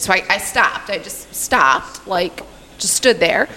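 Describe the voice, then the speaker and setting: A middle-aged woman telling a story in casual podcast chat, animated and profane. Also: mid-range voice, measured pace, a little hiss or hum. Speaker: podcast guest.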